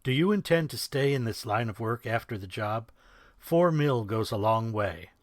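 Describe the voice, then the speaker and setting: A man's voice: mid-range voice, lively intonation, normal speed, dry recording, studio quality, lightly acted. A man doing a crude taunting mob fixer. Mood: probing. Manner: gruff, taunting, chuckling. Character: menacing male mob fixer, smug and crude.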